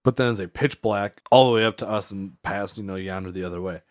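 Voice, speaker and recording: A man's voice: fairly low pitch, fast, dry recording, studio quality. A man co-hosting a podcast, telling a story in a rambling way with many "like"s and frequent laughter. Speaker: podcast co-host. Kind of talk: casual storytelling chat.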